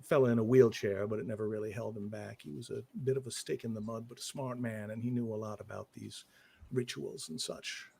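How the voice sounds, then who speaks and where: A man playing a guilt-ridden occult investigator in a tabletop game, telling his story in halting, hesitant bits. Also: fairly low pitch, steady tone, creaky, a little mellow, slightly rough. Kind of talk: in-character tabletop role-play.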